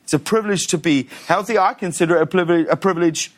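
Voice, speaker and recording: Man, middle-aged, animated storyteller, fairly high voice. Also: fast. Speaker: talk show host, guest. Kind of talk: casual interview storytelling.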